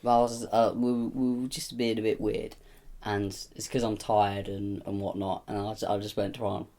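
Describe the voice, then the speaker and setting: A man's voice: fairly low pitch, little pitch movement, normal speed, warm tone. A tired young man co-hosting a casual podcast chat, rambling and teasing with frequent laughs. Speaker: podcast co-host.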